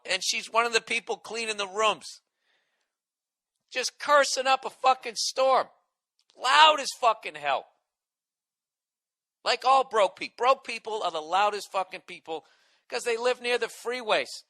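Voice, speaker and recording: A man's voice: high voice, lively intonation, unhurried, bright, forceful tone, no echo. A man hosting a comedy podcast, telling a story in a profane, sarcastic, exasperated rant.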